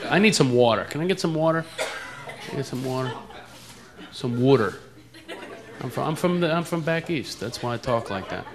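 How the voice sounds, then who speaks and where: Standup guy live, loud crowd laughing, lively voice, pokes fun at accents. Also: mid-range voice, normal speed, long pauses, background noise. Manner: playful, mocks accents, voices characters. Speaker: stand-up comedian. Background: loud audience laughter.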